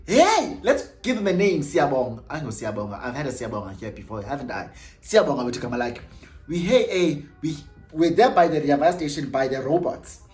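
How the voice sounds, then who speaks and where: A young South African man with a South African accent, telling a story casually in an animated way and slipping in isiXhosa phrases. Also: fairly high pitch, roomy sound. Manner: animated, laughing, mixes isiXhosa phrases into his talk. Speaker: vlogger.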